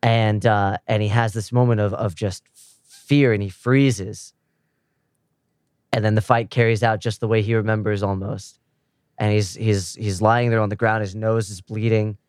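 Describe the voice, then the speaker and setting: A man's voice: on the low side, steady tone, normal speed, a little mellow, clean tone, no room sound, clean studio sound. A man casually recapping the plot of a show's first episode, slipping now and then into the characters' quoted lines as he tells it.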